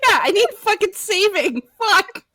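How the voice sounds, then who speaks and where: A woman on a casual podcast with a high, bright voice that bounces around in pitch. She tosses in short, wry, profane quips. Her lines are brief jabs rather than long stories. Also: animated, measured pace, no room sound, clean studio sound. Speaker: podcast co-host. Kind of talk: casual chat.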